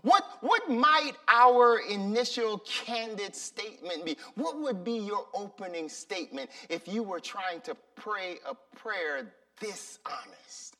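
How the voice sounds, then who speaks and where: A man preaching a sermon, slow and emphatic, often repeating his words for effect. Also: sits high, expressive, bright, forceful tone, recorded from a distance. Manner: slow, deliberate and emphatic, with repetitions. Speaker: pastor.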